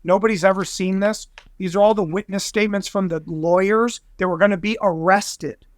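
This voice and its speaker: A man guesting on a podcast, telling a story in an excitable, rambling way and acting out other people's voices. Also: high voice, fairly quick, dry recording. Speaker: guest investigator. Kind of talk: animated storytelling in conversation.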